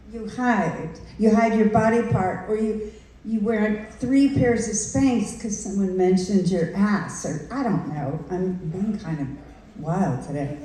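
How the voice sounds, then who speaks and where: An older actress on a convention panel, telling a candid story and acting out the quotes in changing voices. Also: female voice, mid-range voice, mellow, slight background noise. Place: large convention room. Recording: echoey hall from far off.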